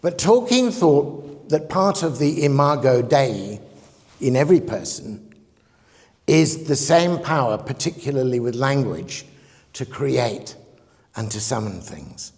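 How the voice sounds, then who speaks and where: Gravelly man lecturing in a reverberant hall. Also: mid-range voice, animated, takes it slowly, darkish tone. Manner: reflective, digressive, chuckles at his own points. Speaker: guest lecturer. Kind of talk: public lecture. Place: conference hall.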